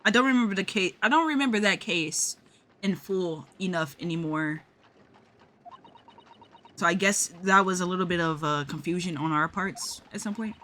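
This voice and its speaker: A woman's voice: fairly low pitch, normal speed, bright, forceful tone, slight background noise. A young woman giving casual, emotional, rambling commentary while playing a story game. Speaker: let's-play host. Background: faint game music.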